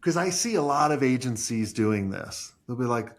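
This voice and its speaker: A man's voice: medium pitch, animated, moderate pace. A man who owns an agency, talking bluntly and emphatically in a casual podcast conversation and swearing freely. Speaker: agency owner.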